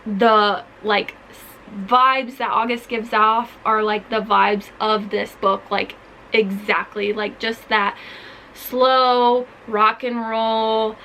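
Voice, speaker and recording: A woman's voice: a little high, flat delivery, slow pace, pushed and bright, a little hiss or hum, rough recording. A young woman chatting casually about book recommendations, gushing and full of "like" fillers. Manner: gushing, chatty, heavy use of "like". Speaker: book vlogger.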